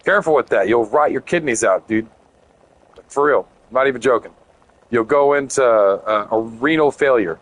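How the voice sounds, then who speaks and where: A man's voice: medium pitch, moderate pace, no echo. Rambling, jokey young male game streamer. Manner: rambling, jokey, talks to chat. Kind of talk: casual live-stream chat while playing.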